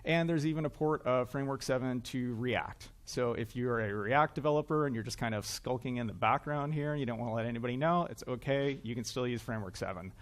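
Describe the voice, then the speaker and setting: A man's voice: medium pitch, fast, hardly any pauses. A man giving a conference talk on stage, chatty and self-deprecating, with frequent uhs. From Canada. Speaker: conference speaker. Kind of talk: joking tech conference talk. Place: conference hall, live audience.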